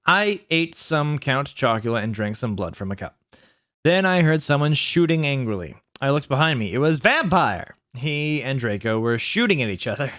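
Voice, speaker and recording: Young guy reading out loud, lively, dry close sound. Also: mid-range voice, moderate pace, no room sound. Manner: animated, laughing through lines. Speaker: YouTube reader. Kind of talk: comic reading aloud.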